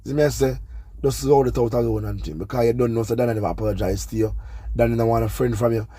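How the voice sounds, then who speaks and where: A man's voice: medium pitch, fairly even intonation, fast talker, mellow, no room sound. A Jamaican man hosting a gossip channel, talking casually and scolding, often asking "you see me". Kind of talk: casual commentary monologue.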